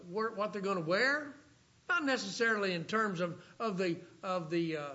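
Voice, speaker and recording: A male preacher delivers a sermon in a bright, high voice. He reads scripture passages aloud and stretches out key phrases for emphasis. The recording is dull and lo-fi. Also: moderate pace.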